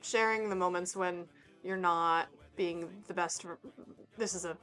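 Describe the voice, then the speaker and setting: A woman's voice: fairly low pitch, steady tone, a little slow, a bit bright. A chatty woman co-host talking casually with a friend. She hesitates with fillers and laughs often, and faint music plays beneath her voice. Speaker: podcast co-host. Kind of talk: casual chat.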